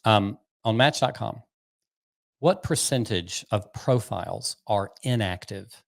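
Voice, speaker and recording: A man's voice: fairly low pitch, slow pace, gravelly. A man co-hosting a casual podcast with his partner, playfully quizzing him with trivia questions. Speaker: podcast co-host. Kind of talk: casual chat.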